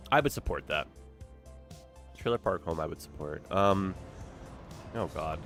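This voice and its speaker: A man with a lowish voice chats his way through a city-building stream, his pitch swinging widely between mumbled asides and loud outbursts. Faint music plays behind him. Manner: chatty, easily distracted, dramatic exclamations. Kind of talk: casual gameplay commentary.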